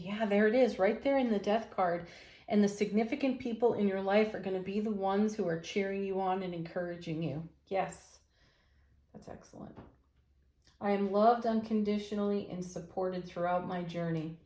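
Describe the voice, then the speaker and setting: Female tarot reader, warm-hearted enthusiasm, mid pitch, roomy echo. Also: fairly even intonation, normal speed. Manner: gentle, enthusiastic, affirming. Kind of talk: tarot reading vlog.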